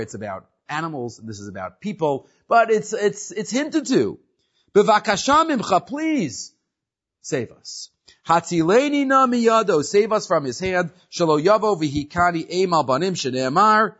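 A man teaching a Torah class, moving between Hebrew verses and English explanation and checking in with "right?". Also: fairly high pitch. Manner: lively, mixing Hebrew and English, questioning "right?". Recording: dull lo-fi sound.

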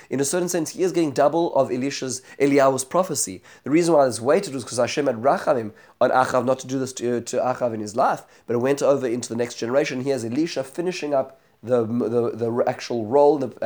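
A man's voice: medium pitch, quick pace, hardly any pauses, darkish tone. A man teaching a Bible study lesson, retelling the chapter as a story, voicing the quoted speakers, with many fillers and restarts.

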